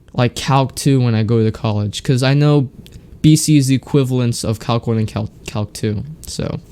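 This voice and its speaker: Teen male podcast host, congested, rambling, filler-heavy, mid-pitched. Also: warm tone. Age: teens. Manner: rambling, many fillers and restarts. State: congested from a sore throat. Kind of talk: casual solo chat. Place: home, alone.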